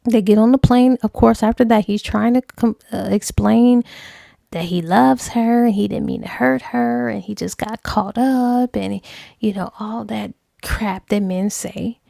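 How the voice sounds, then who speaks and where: A woman book reviewer casually retelling a novel's plot, animated and slipping into acted dialogue. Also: fairly high pitch, a little slow, gravelly, no room sound, clean studio sound.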